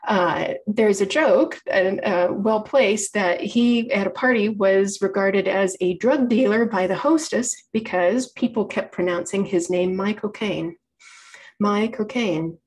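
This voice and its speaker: A woman presents a library talk in a friendly, conversational way. She explains as she goes, circles back to fix her own wording and keeps things light. Her pitch sits in an ordinary middle range. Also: unhurried, hardly any pauses, darkish tone. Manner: chatty, explanatory, frequent self-corrections. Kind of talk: informal public lecture.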